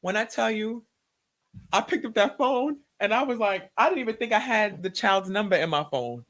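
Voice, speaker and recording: A woman telling an emotional personal testimony in a conversation, animated and acting out the words in quotes. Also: mid-range voice, normal speed. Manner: animated, acts out her own and others' words in quotes. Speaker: guest sharing a testimony.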